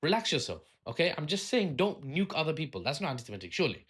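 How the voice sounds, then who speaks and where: A man's voice: on the high side, sing-song, fast talker, fairly bright tone, breathy edge. A man hosting a solo political commentary video, talking in a sardonic, rambling way with asides and fillers.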